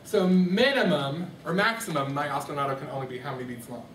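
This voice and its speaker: A man teaching a music class in a classroom, steadily questioning the students and prompting their replies. His voice sits a little high. The recording comes from a distance, with the roomy echo of the classroom and a faint hum of ambience behind him. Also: fast talker, a bit bright. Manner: questioning, coaxing students to answer. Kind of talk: classroom microteaching lesson. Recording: echoey classroom from far off.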